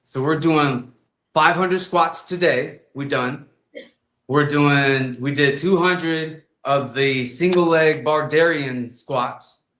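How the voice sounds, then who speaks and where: A man, a fighter and guest, telling comic stories in a lively way and acting out voices. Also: fairly high pitch, slow, roomy sound. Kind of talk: animated storytelling on a podcast.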